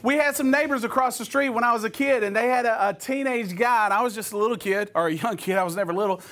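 High-voiced man telling funny stories. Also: quick pace. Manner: animated storytelling with audience questions. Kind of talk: humorous talk to a youth group.

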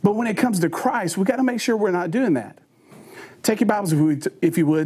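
Brief: male preacher, sermon with homespun stories, high-pitched voice. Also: fairly quick, a little mellow, husky. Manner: folksy storytelling, conversational.

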